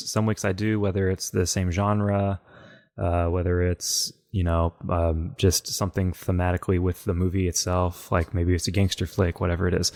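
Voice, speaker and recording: A man co-hosting a casual podcast chat, relaxed and dry, pausing often with hesitations. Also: low-pitched, dry recording. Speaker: podcast co-host.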